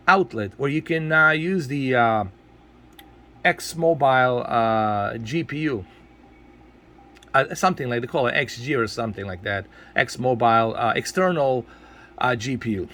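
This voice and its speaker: A man's voice: medium pitch, a bit bright. A man scolding his viewers in a ranting video commentary, exasperated and repeating himself for emphasis. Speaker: tech video creator.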